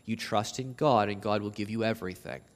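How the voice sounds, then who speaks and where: A man preaching an expository sermon with passion. He repeats words as he builds a point, swings between near shouts and low slow passages, and reads scripture aloud. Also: in a large hall. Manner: impassioned, rising to near shouts on quoted verses, then dropping low and slow.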